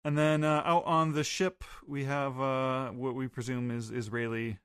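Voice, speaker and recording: Male podcast host, casual animated recap, medium pitch, dry. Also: measured pace, clear, resonant tone, dry recording. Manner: animated, acts out quotes.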